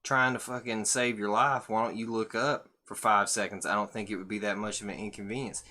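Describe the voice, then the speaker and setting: A man's voice: fairly low pitch, steady tone, brisk, bright, forceful tone. A man voicing a small teddy-bear sidekick who talks in casual street slang and swears freely. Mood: urgent. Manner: slangy street talk, teasing and profane. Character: sassy little bear buddy, slangy and mocking.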